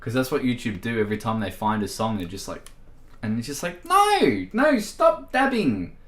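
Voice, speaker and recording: An Irish man with a lowish voice and quick pace chats playfully on a music livestream, giggling and laughing often. The recording has a roomy echo.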